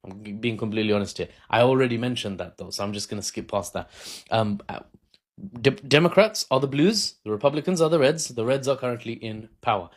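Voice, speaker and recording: A man talks straight into his phone camera, explaining politics in a loose, unscripted way. He pokes fun at himself and laughs often. His voice sits at an ordinary middle pitch for a man. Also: lively intonation, a little fast. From Britain. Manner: chatty, self-mocking, laughs often. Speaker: political commentator.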